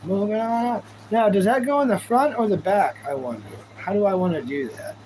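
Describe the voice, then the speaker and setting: A man's voice: sits high, big pitch swings, brisk, a little mellow, slight background noise, poor audio. A man chatting casually on a live stream, rambling and goofy, thanking viewers as he goes. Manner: goofy, rambling, talks to chat.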